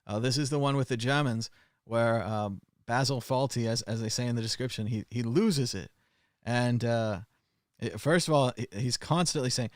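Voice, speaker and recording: A man's voice: medium pitch, brisk, no echo. Sarcastic chatty man, dry close mic. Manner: sarcastic, chatty, frequent "uh" fillers. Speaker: show host. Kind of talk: casual news commentary livestream.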